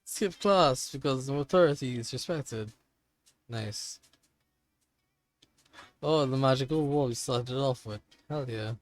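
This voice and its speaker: A man's voice: medium pitch, a little slow, pauses often. A man hosting a let's play, reading the game's narration aloud and making casual, wry asides. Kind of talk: reading a visual novel aloud.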